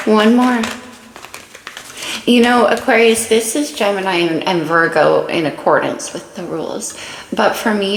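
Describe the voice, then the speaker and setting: Gravelly-voiced woman reading tarot cards. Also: medium pitch. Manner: chatty, warm-hearted commentary on cards. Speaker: tarot reader. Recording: echoey room, faint noise.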